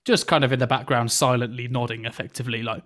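A young man, telling a work anecdote on a casual podcast with animated, swearing delivery. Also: medium pitch, quick pace. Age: 20s.

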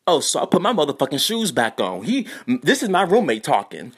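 Woman telling a wild story, cussing nonstop, voice jumping all over, lowish. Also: normal speed, breathy edge. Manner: profane, animated, loud exclamations. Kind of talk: comedic storytime.

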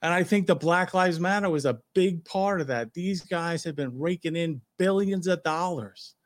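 A man's voice: fairly high pitch, normal speed. A man with a New York accent, a retired police officer co-hosting a talk show, speaking in an emphatic, opinionated way. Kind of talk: casual talk show chat.

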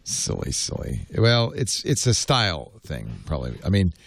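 A man's voice: deep voice, very animated, moderate pace, vocal fry, no room sound. A man hosting a casual tech podcast, rambling, laughing and reading items from his notes on a close mic. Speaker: podcast host.

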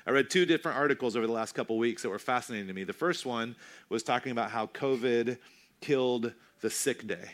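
A man in his thirties preaching a sermon in a conversational, self-deprecating way, slowing down for emphasis. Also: medium pitch. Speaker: pastor.

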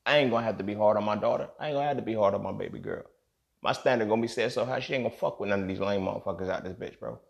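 A man with a low-set voice and a gravelly, fry-laced edge pours out an angry, emotional solo podcast rant. He stays emphatic and profane, hammering his points and checking in with the listener again and again. His words hit like a heated talk to friends. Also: racing, muffled recording. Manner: emphatic, profane, keeps asking "you feel me". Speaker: podcast host. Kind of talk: impassioned solo monologue.

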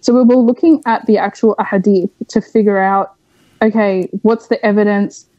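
A woman's voice: mid-range voice, fairly even intonation, moderate pace, warm tone, dry recording, highs cut off. A young woman from Australia, a podcast guest, speaking frankly and at length in a candid interview, with many fillers.

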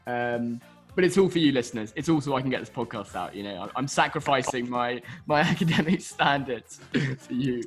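A man's voice: medium pitch, fairly quick, husky, faint music behind. A man co-hosting a podcast in casual chat, rambling and self-mocking with frequent laughs. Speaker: podcast co-host.

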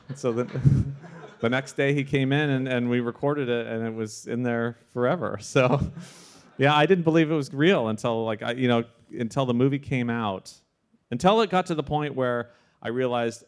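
A man, a sound designer, telling a lively story at a live evening panel, often restarting his sentences and laughing. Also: medium pitch, normal speed, clean tone. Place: live evening event before an audience.

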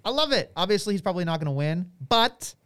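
A high-pitched man with a smooth, clear voice chatting on a podcast. He is excitable and opinionated, and often trips over his words to restart. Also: quick pace. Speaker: podcast co-host. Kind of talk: casual podcast chat.

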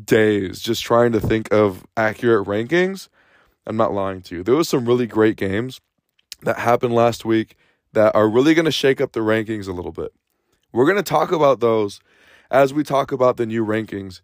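A man's voice: fairly low pitch, normal speed, dry recording, clean studio sound. A man hosting a sports podcast, talking casually and energetically, a bit out of breath, rambling and restarting his sentences. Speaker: podcast host.

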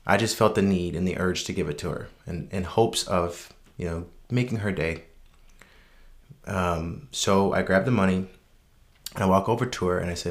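Deep-voiced man recounting a personal story offhand, unscripted, sincere. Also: moderate pace, long pauses. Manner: relaxed, unscripted, frequent ums and restarts; reflective, earnest. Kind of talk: casual personal anecdote.

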